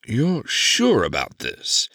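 A man's voice: on the low side, wildly swooping pitch, slow, bright, forceful tone, no echo, clean studio sound, exaggerated voice. A man voicing a wary young nobleman who speaks hesitantly and grumbles in an audiobook. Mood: doubtful.

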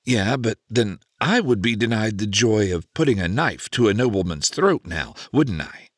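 A man's voice: on the low side, expressive, moderate pace, breathy edge, no room sound, clean studio sound. A man voicing a cocky young rogue who talks in a wry, teasing way in an audiobook.

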